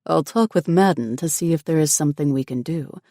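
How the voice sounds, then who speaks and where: Woman reading as a calm protective shifter man. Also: low voice, fairly quick, dry recording, studio quality. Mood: reassuring.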